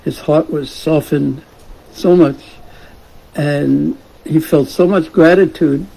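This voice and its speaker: Gravelly, husky man teaching a scripture class. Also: fairly high pitch, fairly even intonation, slow pace, rough recording. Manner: gentle, asks the class questions, chuckles. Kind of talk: casual storytelling lesson.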